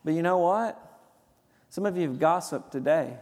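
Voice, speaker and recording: A man's voice: on the high side, moderate pace, darkish tone, long reverb tail. A man preaching a sermon as pastor, building to emphatic bursts of conviction. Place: church sanctuary.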